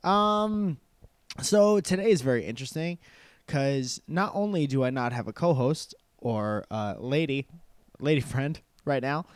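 A man's voice: mid-range voice, clear, resonant tone, no echo. A man hosting a podcast alone, chatting casually with joking, rambling asides into a handheld recorder. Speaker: podcast host. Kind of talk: casual solo podcast chat. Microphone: handheld portable recorder.

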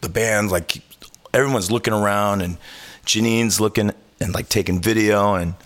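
Male podcast host, lower register, lively anecdotal delivery with profanity. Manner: animated storyteller, swears freely, acts out quotes. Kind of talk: casual storytelling chat.

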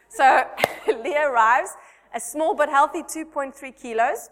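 A woman's voice: on the high side, brisk. A woman in her thirties, a Sunday school teacher, giving a chatty, self-mocking church talk full of personal stories. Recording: long hall reverb.

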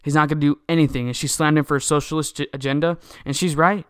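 A man on a podcast, ranting and indignant as he repeats his points over and over. His voice sits a bit high for a man and comes through smooth and clear. The sound is dry and close, with no room around it. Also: fairly even intonation, fast, a bit bright, dry recording. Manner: heated, indignant, repetitive ranting. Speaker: podcast host. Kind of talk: political commentary monologue.

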